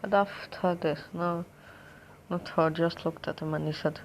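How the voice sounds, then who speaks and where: A woman's voice: on the low side, steady tone, a little slow, a little hiss or hum. A woman telling a fan fiction story casually, rambling and profane, with frequent restarts.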